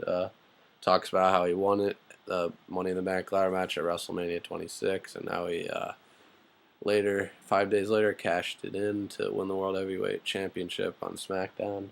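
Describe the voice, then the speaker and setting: A man's voice: low-pitched, fairly even intonation, a little slow, vocal fry. A man giving a casual, rambling spoken recap of a wrestling show, full of fillers and blunt, profane asides.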